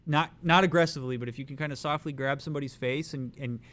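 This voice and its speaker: A man speaking as a therapist, giving a calm, explanatory lecture on a livestream. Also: medium pitch, fast talker. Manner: calm, explanatory, acts out soothing reassurance.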